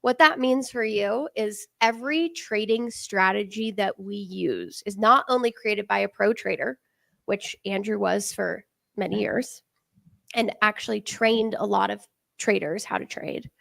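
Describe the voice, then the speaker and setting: A woman's voice: medium pitch, a little slow, creaky, fairly bright tone, no room sound, clean studio sound. A woman hosting a live trading webinar over a video call, upbeat and welcoming. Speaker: webinar host, product director. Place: home in Denver.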